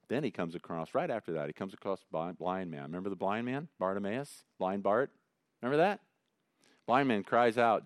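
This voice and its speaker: Pastor guy preaching, lowish voice, gets loud then drops real quiet, dry close sound. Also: brisk, no room sound. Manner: conversational preaching, swings between loud emphasis and quiet asides. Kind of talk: sermon.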